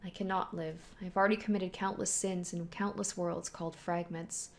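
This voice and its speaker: A woman's voice: on the low side, level tone, normal speed, creaky. A woman voicing a remorseful young female witch in a subdued, resigned manner, reading manga dialogue aloud.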